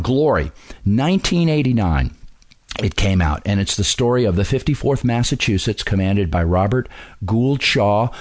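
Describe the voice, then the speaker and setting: Lower-voiced man reviewing films. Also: a little mellow, no echo, clean studio sound. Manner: halting, many fillers and restarts. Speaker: film reviewer and history commentator. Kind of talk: casual spoken review.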